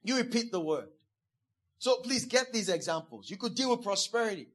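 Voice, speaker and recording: Preaching as pastor, a man with a high, sing-song, somewhat bright voice speaks at normal speed and hammers key phrases again and again. He gives quoted speakers their own playful voices, delivered emphatically.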